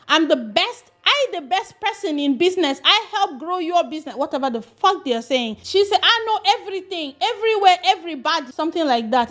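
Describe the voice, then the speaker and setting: A woman giving a casual, profane film review, sarcastic and animated, switching between loud outbursts and muttered asides. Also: high voice.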